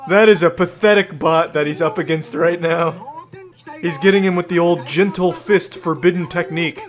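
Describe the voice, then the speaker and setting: A man's voice: on the high side, normal speed. A man giving sarcastic, swearing mock sportscaster commentary over video clips.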